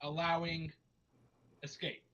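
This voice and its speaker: A man's voice: fairly high pitch, flat delivery, slow pace, pushed and bright, dull audio, slight background noise. Click, a man doing a clipped adventurer's message. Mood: measured. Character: adventurer man sending a terse magic message.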